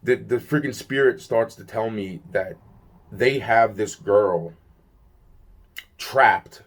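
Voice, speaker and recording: A man's voice: on the low side, slow pace. A young man telling a personal story in an agitated, rambling way, swearing often and restarting his sentences. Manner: agitated, profane, many restarts and fillers.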